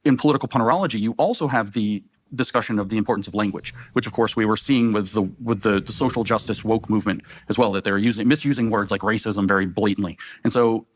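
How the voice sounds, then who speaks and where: A man in a conversation who explains ideas in a quick, lecturing flow and corrects himself as he goes. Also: on the low side. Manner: fast, lecturing, self-correcting. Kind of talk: intellectual discussion.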